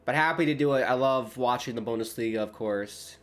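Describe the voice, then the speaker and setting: A man's voice: mid-range voice, a little fast. Chatty male streamer calling a match live. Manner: chatty, rises excitedly on play-by-play, talks to chat. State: early-morning voice. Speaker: watchalong streamer host. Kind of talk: casual live match commentary.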